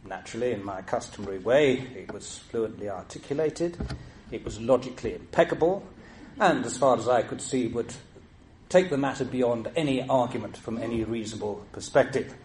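An older Englishman, once a judge, delivers a lecture laced with stories. His delivery is measured and dry, with a self-mocking wit, at a middling pitch, over faint background noise. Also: darkish tone. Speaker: former judge giving a talk. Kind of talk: lecture with anecdotes.

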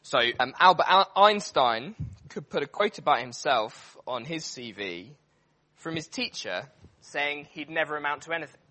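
A man delivers a sermon in a bright, ringing voice that rises and falls freely. His pitch sits a little above the middle of the male range, and he leans hard on key words, pausing on fillers and restarting his sentences as he goes. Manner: animated, emphatic, with frequent fillers and restarts. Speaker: preacher.

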